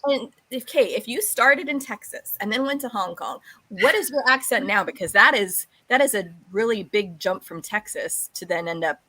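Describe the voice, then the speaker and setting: An American woman with a Californian accent, hosting a casual podcast chat, animated and acting out little quotes. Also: normal speed, few pauses, breathy edge. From United States. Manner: animated, acts out quotes, swings high when excited.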